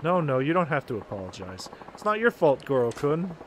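A man voicing a gentle, soft-spoken young woman who talks quietly. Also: on the high side, sing-song, a little fast, background noise, pitched below the performer's own voice.

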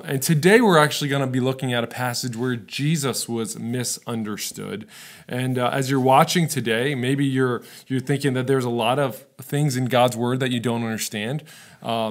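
A male pastor preaches in an easygoing, conversational way, speaking at a mid-range pitch. He keeps checking in with his listeners and stays relatable rather than lofty, like a friend talking through scripture. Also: fairly even intonation, normal speed. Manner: casual, relatable, often checks in with "right?". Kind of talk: conversational sermon.

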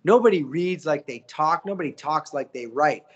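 A man, a voice actor guest, telling stories in a casual interview, lively and coaching with acted-out quotes. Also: fairly high pitch, moderate pace, husky, dull audio. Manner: animated, acts out quotes, coaching.

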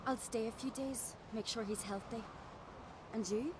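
An actress playing a steady, caring woman in a video game, speaking calmly and plainly. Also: fairly high pitch, a little slow, lightly acted. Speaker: game character. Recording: noisy game audio.

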